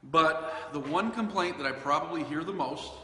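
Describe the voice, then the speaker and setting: A man's voice: fairly high pitch, normal speed, bright, forceful tone. A man hosting a casual dog-training podcast, talking in a loose, conversational way with fillers and self-corrections. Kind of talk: casual solo podcast talk. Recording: echoey room with long reverb and faint hiss.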